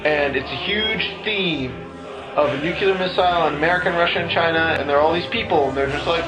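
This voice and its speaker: A man's voice: fairly high pitch, quick pace. A young man recapping a story in a rambling, profane comic way, acting out characters in silly voices. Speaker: comedic recapper. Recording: echoey room with music behind.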